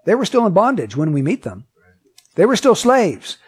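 A man's voice: sits high, huge pitch swings, moderate pace, slightly rough. A man preaching a sermon. He reads scripture aloud, asks the listeners many questions, and repeats his points with emphasis. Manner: emphatic and repetitive.

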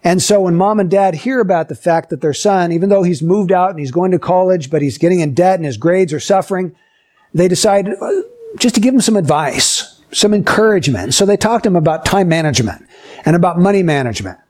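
High-voiced man teaching a Bible lesson. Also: a little fast, darkish tone. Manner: asks the listeners questions and acts out short scenes.

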